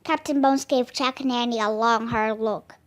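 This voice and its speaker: A woman reading a children's book aloud, careful and deliberate. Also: a little high, fairly even intonation. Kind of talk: storybook read-aloud.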